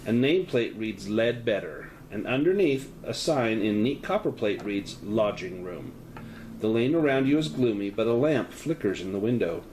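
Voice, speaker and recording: A man runs a solo tabletop horror game as game master, narrating the scene in detail with lively pitch and offering choices to a player. He speaks at a moderate pace, and the rough recording carries a little hiss or hum.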